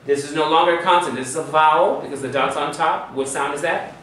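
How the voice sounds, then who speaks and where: A man's voice: fairly high pitch, fast talker, a bit bright. Man, teacher, patient classroom drilling, distant mic, strong room echo. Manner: patient, drills students with frequent "okay?" checks. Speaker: Hebrew teacher. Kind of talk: classroom lesson. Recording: echoey room from far off, faint hum.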